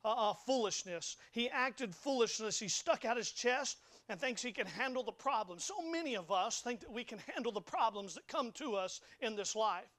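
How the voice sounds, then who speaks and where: Young man, high voice, preaching a sermon, folksy, emphatic, stammering repeats. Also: expressive, normal speed, hardly any pauses, fairly bright tone. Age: young adult. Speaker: pastor. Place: church sanctuary.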